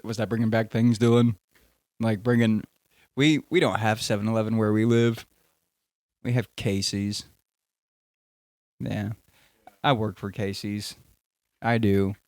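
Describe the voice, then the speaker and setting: A man's voice: lowish voice, measured pace, pauses often, dry recording, studio quality. A young man hosting a casual podcast, rambling and joking, often cutting himself off mid-sentence. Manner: rambling, jokey, self-interrupting. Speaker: podcast host.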